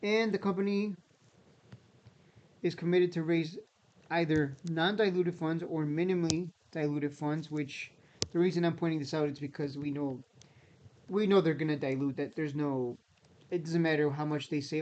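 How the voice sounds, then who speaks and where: A man's voice: fairly high pitch, fairly even intonation, normal speed, darkish tone, muffled recording. A man giving casual, skeptical commentary, repeating himself as he talks and straining his voice. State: voice strained, near losing it. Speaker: stock market YouTuber.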